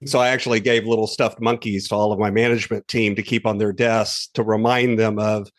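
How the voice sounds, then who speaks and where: A man hosting a podcast interview, chatting in a relaxed way and telling anecdotes. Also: lowish voice, a little fast, hardly any pauses. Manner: relaxed and conversational, tells anecdotes. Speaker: podcast host. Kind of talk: casual interview chat.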